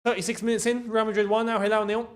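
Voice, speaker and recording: A young man with a London accent hosting a live football watchalong, chatting in slang and breaking into excited shouts at big chances. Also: high voice, fast. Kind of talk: live match watchalong commentary.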